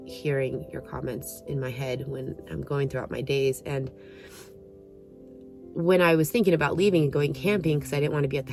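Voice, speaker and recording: A woman talking to her viewers in a casual, heartfelt vlog, rambling softly and a little out of breath, recorded on a phone. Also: extremely low pitch, creaky. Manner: soft, heartfelt, rambling with many "like"s. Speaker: vlogger.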